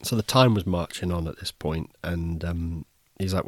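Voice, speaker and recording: A man's voice: low voice, moderate pace, dry recording. A man hosting a podcast, telling a story in an easygoing, wry way, often restarting his sentences. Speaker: podcast host. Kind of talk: casual first-person storytelling.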